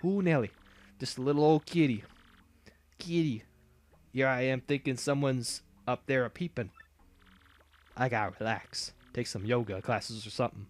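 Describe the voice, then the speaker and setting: Brief: folksy Southern-drawl promoter, slow and down-home, read by a man. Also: medium pitch, close to an everyday voice. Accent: put-on American Southern drawl. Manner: slow, drawn-out country talk. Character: folksy drawling male fight-club promoter. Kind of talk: reading game dialogue aloud.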